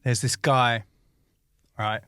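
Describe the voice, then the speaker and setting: A man's voice: medium pitch, takes it slowly, clear, resonant tone, no room sound. A male comedian co-hosting a podcast, chatting casually and acting out little stories with voices. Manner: animated storyteller, acts out voices. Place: Moscow.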